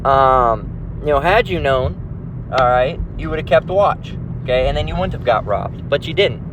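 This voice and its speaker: A man's voice: a little high, animated, a little slow, noisy background. A man giving informal scripture teaching in a loose, rambling way, constantly checking in with "all right" and "okay". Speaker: religious teacher.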